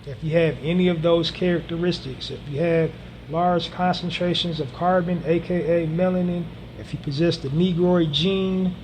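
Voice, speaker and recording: A man's voice: a little high, steady tone, normal speed, darkish tone, a little hiss or hum. A man hosting a solo podcast monologue, speaking earnestly and repeating phrases for emphasis, with frequent ums. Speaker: podcast host.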